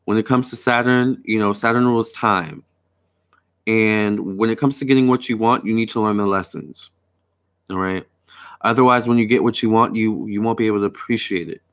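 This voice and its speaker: A man's voice: on the low side, fairly even intonation, moderate pace, a bit bright. A young man hosting a live tarot and astrology stream, chatting casually with viewers and answering their comments. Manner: chatty, reads viewer comments aloud, repeats "all right" and "you guys". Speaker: tarot reader and astrologer host.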